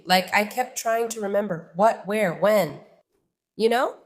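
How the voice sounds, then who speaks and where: A woman's voice: medium pitch, unhurried. Chatty woman telling a story. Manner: chatty, animated, addresses viewers as guys. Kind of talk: casual storytime vlog.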